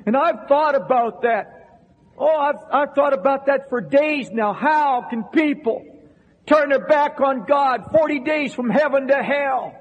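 A man preaching an impassioned sermon to a congregation in a church, repeating phrases and shouting at the peaks. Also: very high-pitched, breathy edge. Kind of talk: fiery revival sermon. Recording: long reverberant hall sound.

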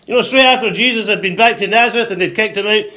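High, bright-voiced male preacher. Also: fast talker. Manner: call-and-response preaching, frequent hallelujahs; acts out voices with sudden high shouts. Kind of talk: sermon.

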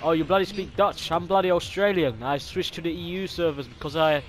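A brash, foul-mouthed Aussie gamer bloke, put on by a young man trolling strangers in game voice chat. He talks in a slightly high voice, full of slang and casual curses. Clear gunfire and mouse clicks from the game sound behind him. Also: steady tone, fairly quick, a little hiss or hum, close to an everyday voice. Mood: chatty. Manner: slangy, swears constantly, laid-back banter.

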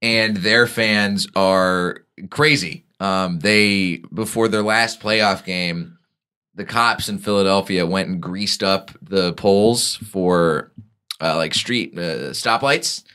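Laid-back low-voiced male podcast host. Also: slow, pushed and bright, clean tone. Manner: rambling, laid-back, frequent filler restarts. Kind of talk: casual podcast chat.

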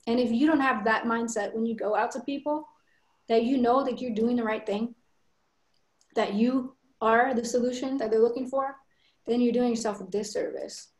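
A woman coaches her team over a video call, talking with earnest conviction. Her voice sits fairly high, and her room has a noticeable echo. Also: darkish tone. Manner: earnest, fast storytelling with conviction. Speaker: guest coach.

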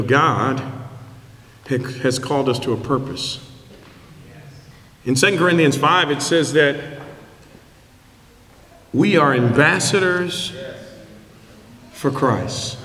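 Middle-aged male pastor, high bright voice, lively shouted sermon delivery in an echoey hall. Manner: animated storytelling, shouting for emphasis. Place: large church hall.

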